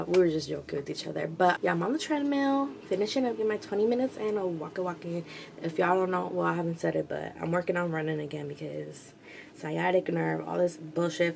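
A young woman tells a storytime vlog in a loose, animated ramble, jumping into quoted voices and swearing freely. Her voice sits a little low with a gravelly fry. A faint hum runs behind her. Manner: chatty, animated retelling with quoted voices and cussing. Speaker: vlogger.

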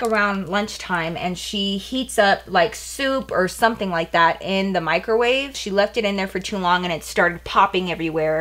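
A young woman vlogger telling a story casually while getting ready, animated, sprinkling "like" everywhere, with blunt slang. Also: lowish voice. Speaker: beauty vlogger.

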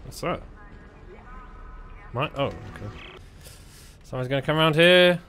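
Swearing, lively gaming commentator man. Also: mid-range voice, measured pace, soft background music. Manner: loud swearing outbursts when scared; jokey self-mocking chatter. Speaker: gaming YouTuber. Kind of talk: let's play commentary.

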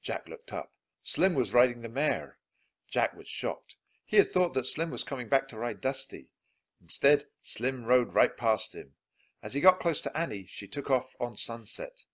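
A man reading a children's chapter book aloud, clear and deliberate for learners of English. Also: medium pitch, very animated, a bit bright. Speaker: storybook reader.

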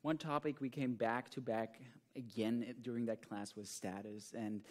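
A man's voice: mid-range voice, fairly even intonation, moderate pace, darkish tone. A man teaching improv, explaining his prison class to a conference audience in an earnest way. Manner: earnest explaining, reads student quotes aloud. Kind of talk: conference talk.

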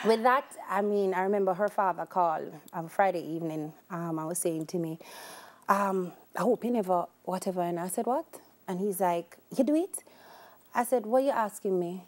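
A woman's voice: mid-range voice, normal speed, darkish tone. Jamaican lady in her 30s telling her story, slips into patois, laughs easy. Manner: shifts into patois when quoting herself, laughs easily. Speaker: guest. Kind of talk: candid personal storytelling.

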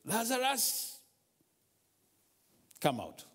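A preacher voicing a commanding Jesus. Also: male voice, very high-pitched, wildly swooping pitch, drawn-out words, fairly bright tone, voice pushed up, heavily acted. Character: commanding gentle Jesus, a grown man. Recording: long church hall reverb.

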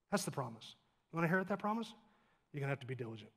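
A man's voice: medium pitch, lively intonation, racing, husky, in a large hall. A man preaching a sermon as pastor, emphatic, stacking short clauses, with plain conversational asides and light humor. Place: church sanctuary.

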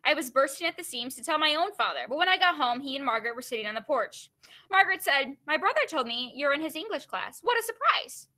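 Bright-voiced teacher reading aloud. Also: female voice, high voice, fast. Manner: casual asides full of "like" and "you know" between expressive reading. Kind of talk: read-aloud with commentary.

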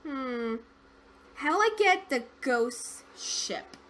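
A young woman giving casual let's-play commentary, excitable and easily scared, with squeals and laughs. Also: high-pitched, slow, a little hiss or hum.

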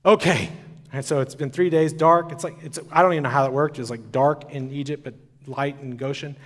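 A man's voice: on the high side, fairly even intonation, brisk. A man giving a sermon at a conference, retelling the story in a casual, conversational way. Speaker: conference speaker. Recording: long hall reverb.

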